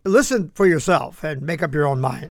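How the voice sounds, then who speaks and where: High-voiced sarcastic male commentator. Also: animated, normal speed, gravelly, no room sound, studio quality. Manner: sarcastic, talks back to an unheard listener. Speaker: host. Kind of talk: political commentary.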